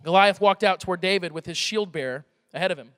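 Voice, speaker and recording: A pastor preaching a sermon, animated and conversational, with emphatic outbursts. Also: male voice, high voice, fast, smooth, clean studio sound. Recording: reverberant hall, faint music.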